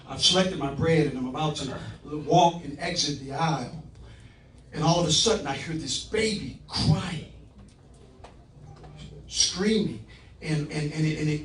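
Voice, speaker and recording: A man's voice: fairly high pitch, a little hiss or hum. Earnest man testifying in an echoey hall. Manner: earnest storytelling, building to fervent emphasis. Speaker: speaker giving public testimony. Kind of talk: impassioned personal testimony. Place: city council meeting room. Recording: echoey room from far off.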